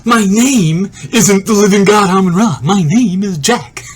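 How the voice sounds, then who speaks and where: A man telling a personal story in a casual monologue, animated, laughing often and swearing freely. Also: sits high, a little slow, over loud music.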